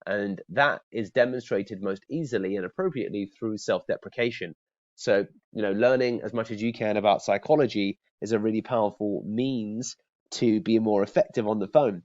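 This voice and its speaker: A man's voice: fairly low pitch, darkish tone. A man teaching cold calling in a conversational way, often restarting and checking in with "okay?". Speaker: sales trainer. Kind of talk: training talk to camera. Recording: dull lo-fi sound.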